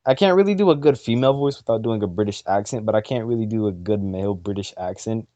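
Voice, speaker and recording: A man co-hosting a casual what-if voice chat, talking in an animated, rambling way and laughing often. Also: on the low side, quick pace, dry recording. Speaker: co-host of a what-if collab.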